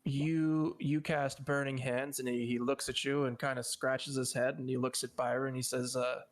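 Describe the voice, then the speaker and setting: Man, dungeon master, gravelly voice, rambling with fillers, tabletop game narration. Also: medium pitch, level tone, moderate pace, few pauses. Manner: loose, rambling, many fillers.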